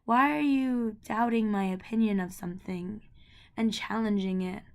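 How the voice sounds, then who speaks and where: Her voice mid-range and darkish with vocal fry, a young woman vlogger speaks at normal speed in a personal rant to the camera. She's heated about her family, rambling, and leans on fillers and repeated words.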